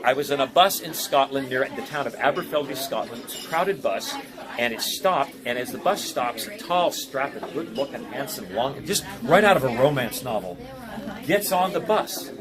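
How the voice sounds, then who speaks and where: A man's voice: mid-range voice, animated, moderate pace. Joking storytelling man in a crowd. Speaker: band leader. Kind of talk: casual chat. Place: restaurant. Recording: noisy crowded restaurant.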